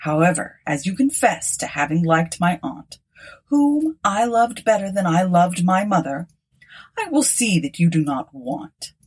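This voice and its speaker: A woman's voice: lowish voice, very animated, measured pace, a little mellow, slightly rough, exaggerated voice. A woman reading as a haughty young nobleman. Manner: haughty and dismissive. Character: proud, scornful young nobleman.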